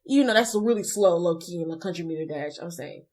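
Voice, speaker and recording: Young woman cohost just chatting, lively and goofy, slips into little voices mid-story. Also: fairly low pitch, brisk. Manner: animated, acts out little voices while telling stories. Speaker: co-host. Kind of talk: casual chat.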